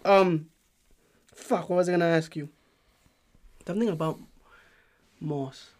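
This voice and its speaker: A man's voice: a little high, measured pace, a little mellow. A man co-hosting a podcast, chatting loosely and profanely, slipping Spanish words into his talk. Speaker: podcast co-host. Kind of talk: casual chat.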